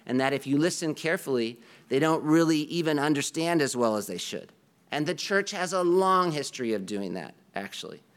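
A man's voice: on the high side, sharp tone, smooth. A man preaching a sermon to his congregation in an earnest, conversational way. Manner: earnest, conversational preaching with a self-deprecating aside. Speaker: pastor.

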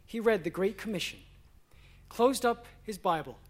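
A male pastor with a high voice preaches a sermon at a normal speed. He swings between emphatic declarations and hushed, quiet asides.

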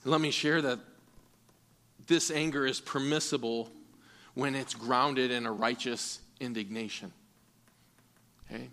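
Earnest preaching man, bright voice. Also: medium pitch, steady tone, a little slow, long pauses. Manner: earnest preaching, repeats words when restarting. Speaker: pastor. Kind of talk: sermon.

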